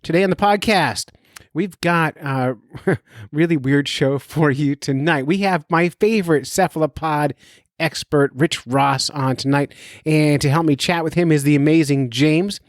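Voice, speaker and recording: A man's voice: fairly high pitch, a little slow, no room sound, studio quality. A man hosting his own fishing podcast from his basement, talking in an upbeat, joking, self-mocking way. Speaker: podcast host and fishing guide. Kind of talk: casual podcast monologue. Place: home basement.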